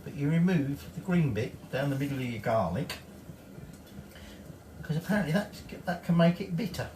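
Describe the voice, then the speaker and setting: A man's voice: a little high, animated, normal speed, a little mellow, recorded from a distance, slight background noise. Chatty Northern English man cooking. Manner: chatty, swears casually. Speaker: home cook. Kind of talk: casual cooking tutorial. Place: home kitchen. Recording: echoey kitchen from off-mic.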